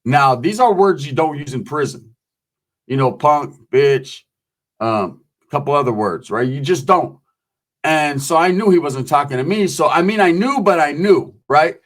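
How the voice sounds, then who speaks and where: A man's voice: fairly high pitch, animated, moderate pace. A man hosting a show, telling prison stories casually, profane and streetwise. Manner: profane, streetwise, acts out voices in quotes. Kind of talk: casual storytelling.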